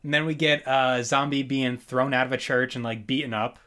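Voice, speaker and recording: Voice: mid-range voice, flat delivery, a little fast, bright, forceful tone. A podcast co-host in casual chat, retelling scenes from a show and laughing often.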